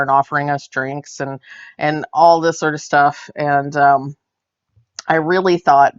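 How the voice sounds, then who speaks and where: A woman knitting vlogger telling a story in casual chat while she knits on camera. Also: low voice. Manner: chatty, tells anecdotes while knitting on camera. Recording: dull lo-fi sound.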